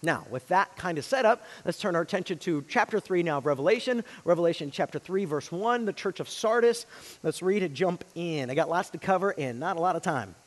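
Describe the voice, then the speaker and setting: High-voiced man preaching in a reverberant hall. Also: lively intonation, fairly quick. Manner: dynamic delivery, swinging from loud emphasis to hushed near-whispers. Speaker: pastor. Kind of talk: sermon.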